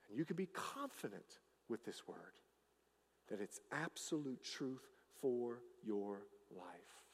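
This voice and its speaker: A man preaching a sermon as pastor, swinging between loud declarations and hushed asides. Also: mid-range voice, sing-song, a little slow, husky, big-room sound.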